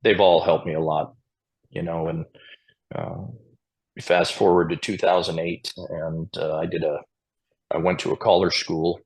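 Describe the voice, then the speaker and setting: This low, level voice belongs to a square dance caller from Montana, somewhat dark and slightly rough. He talks a little slowly with long pauses, trading chatty stories on a podcast and laughing occasionally in a casual interview.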